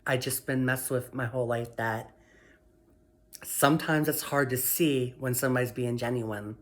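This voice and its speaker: A woman sharing her personal story in a vlog, emotional and heartfelt, speaking softly and affirming herself again and again. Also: rumbling low, steady tone, moderate pace. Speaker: vlogger.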